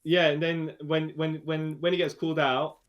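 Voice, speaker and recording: A man's voice: on the high side, little pitch movement, lo-fi sound. Chatty man in casual film talk. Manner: chatty, repeats words, quick laughs. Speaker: podcast co-host.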